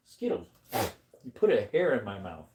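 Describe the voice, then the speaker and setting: A man chatting casually on a livestream, rambling to his viewers and breaking into high baby talk with his dog. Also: wildly swooping pitch, normal speed, muffled recording, noisy background.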